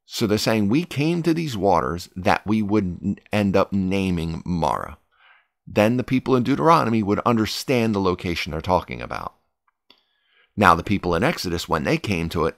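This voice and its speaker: A man's voice: low voice, vocal fry, a bit bright, dry recording, clean studio sound. A man reading Bible verses aloud and explaining them in an earnest devotional talk. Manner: reads scripture then explains it plainly; earnest, rises when urging prayer. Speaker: Bible teacher.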